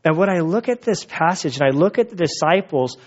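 A man's voice: a little high, lively intonation, brisk. A man preaches a sermon with a slightly raised voice. He talks like he is telling a story to friends, with loose fillers and restarts. The recording sounds dull and lo-fi. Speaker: pastor.

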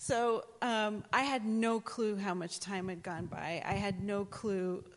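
A woman sharing a testimony at church, telling the story in a lively way and acting out other people's voices. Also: mid-range voice, slow, big-room sound.

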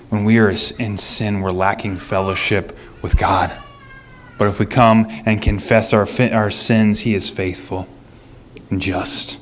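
A middle-aged man preaching a sermon as a pastor, telling stories in an animated way that moves between lively and hushed. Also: on the low side, a little slow, a little hiss or hum.

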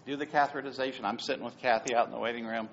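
A man's voice: mid-range voice, very fast, vocal fry. A middle-aged man preaching a sermon as pastor, telling stories with asides. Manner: animated storytelling with asides. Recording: dull lo-fi sound.

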